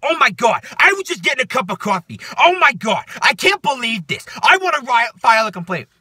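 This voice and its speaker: A man voicing an indignant older woman customer with a New York accent, shrill and whining. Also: sing-song, brisk, bright, forceful tone, breathy edge, no echo, clean studio sound, full character voice. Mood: whiny.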